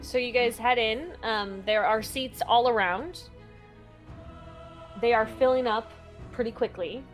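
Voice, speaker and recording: Young woman GM, higher voice, easygoing narration with fillers, faint music underneath. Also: unhurried. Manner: relaxed, hesitant narration with many fillers. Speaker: game master. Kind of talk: narrating a tabletop game.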